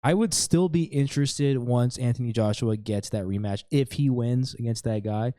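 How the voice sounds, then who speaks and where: A man's voice: medium pitch, normal speed, no echo, clean studio sound. A man co-hosting a podcast, telling stories in easy casual chat, in an American accent. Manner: laughs easily, relaxed storytelling. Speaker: podcast co-host.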